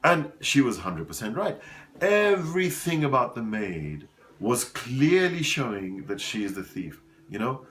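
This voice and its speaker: Male motivational speaker, animated storyteller with a lively, swinging pitch and mid-range voice. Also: unhurried. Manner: animated storyteller addressing listeners as folks; repeats words for emphasis. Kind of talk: motivational talk.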